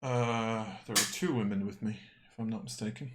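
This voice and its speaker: A man answering in character during a tabletop role-play game, halting and hesitant with many fillers. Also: on the low side, fairly even intonation, noisy background. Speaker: player.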